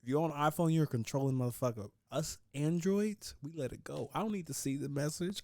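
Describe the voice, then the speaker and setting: A man's voice: on the high side, a little fast, few pauses, dark tone, no echo, studio quality. A man hosting a podcast, joking, swearing and laughing in casual chat. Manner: joking and profane, laughs often. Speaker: podcast host.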